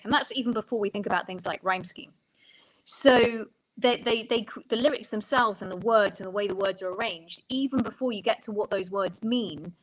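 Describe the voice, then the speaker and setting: A woman's voice: mid-range voice, rough recording. A woman songwriting coach explaining ideas in an interview, talking thoughtfully and often restarting her sentences.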